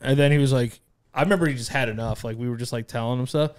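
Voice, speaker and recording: A man's voice: mid-range voice, quick pace, darkish tone, clean tone. A young man, a podcast host who laughs while telling family stories in a casual way.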